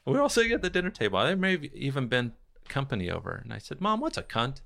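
A man's voice: medium pitch, wildly swooping pitch, rapid-fire, vocal fry, a bit bright. A man talking frankly and casually on a podcast, telling childhood stories and laughing easily. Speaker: podcast host. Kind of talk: casual conversation.

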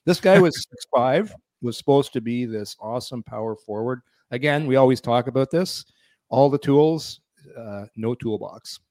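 A man's voice: medium pitch, moderate pace, dry recording. A middle-aged man, a former hockey player co-hosting a sports talk show, telling stories with lots of laughter. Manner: animated storyteller, laughs often, acts out voices. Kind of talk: casual sports talk, storytelling.

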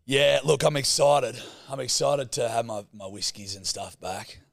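A man's voice: medium pitch, fairly even intonation, unhurried, creaky, dry recording, clean studio sound. A man co-hosting a podcast, swearing constantly and telling crude yarns in casual banter. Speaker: podcast co-host.

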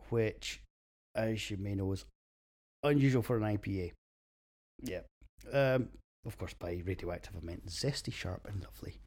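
Scottish guy reviewing beers, low gravelly voice, sweary and laughing at himself. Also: a little mellow. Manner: crude, self-mocking, laughs at his own jokes. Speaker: beer podcast host. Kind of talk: scripted casual monologue.

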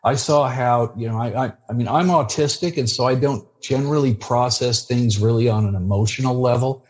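A man being interviewed on a podcast, speaking in a halting, plainspoken way with frequent restarts. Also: mid-range voice. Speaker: interview guest. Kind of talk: casual interview chat.

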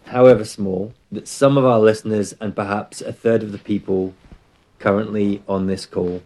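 A man's voice: lowish voice, fairly even intonation, moderate pace, a little mellow. A man hosting a football podcast, introducing guests in a playful, mock-formal way. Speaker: podcast host. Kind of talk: casual podcast chat.

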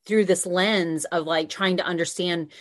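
A woman's voice: lowish voice, steady tone, a little slow. A woman hosting a podcast interview, talking in a reflective, casual way with many fillers. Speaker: podcast host.

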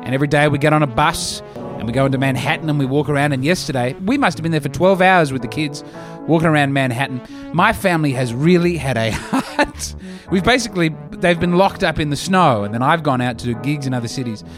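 A man hosting a podcast, talking through a casual comedic monologue in an animated, self-mocking way. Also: on the high side, fast, music in the background.

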